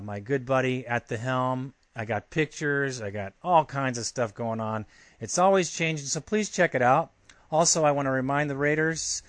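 A man's voice: mid-range voice, fairly bright tone, no echo. A man hosting a sports podcast, talking casually and brashly, heckling a writer in a fan-style rant. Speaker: podcast host.

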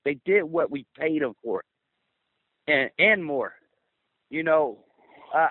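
A man's voice: medium pitch, no room sound. A man calling in to a fan radio show, swearing and fired up about the game. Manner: profane, fired up. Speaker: caller. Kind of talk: angry fan call-in rant. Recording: tinny phone line.

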